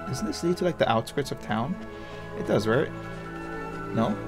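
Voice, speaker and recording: Let's play host muttering along as they play, game music loud behind. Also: medium pitch, lively intonation, normal speed. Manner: quiet, musing to self. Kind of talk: casual gameplay commentary.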